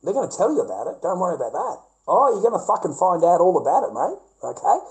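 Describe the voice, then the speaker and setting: A man's voice: high-pitched, very animated, fast, low-quality recording. A middle-aged man with an Australian accent, telling a rambling, repetitive, profane story to camera. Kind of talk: casual rant to camera.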